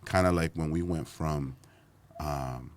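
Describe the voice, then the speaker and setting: A man's voice: rumbling low, slow pace, a little hiss or hum. A man hosting a casual interview, who laughs often and repeats words as he asks questions. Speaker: host.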